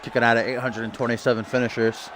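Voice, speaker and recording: A man's voice: mid-range voice, little pitch movement, fast. A man streaming a wrestling video game, chatting casually and goofily, breaking into chants and tongue twisters. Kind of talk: casual gameplay commentary. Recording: game crowd and noise behind. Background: video game arena crowd.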